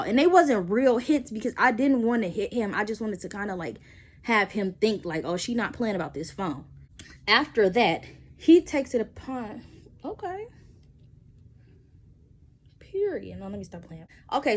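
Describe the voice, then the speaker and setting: A young woman telling a dramatic personal story, acting out both sides of the dialogue. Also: mid-range voice. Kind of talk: casual storytime.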